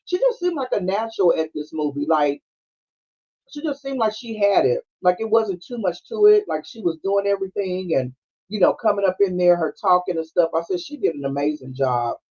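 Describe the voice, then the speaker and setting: Speaking briskly in a high voice, a man recaps a movie scene by scene on his casual podcast, with a Black flavor. Lively storytelling, impersonated dialogue, and regular laughter fill it, though the streaming audio is dull and lo-fi.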